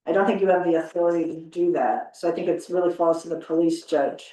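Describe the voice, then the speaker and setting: A woman board member giving deliberate comments on the wording of a policy at a public meeting. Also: lowish voice, mellow, roomy sound, far from the mic, rough recording. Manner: deliberate, particular about wording.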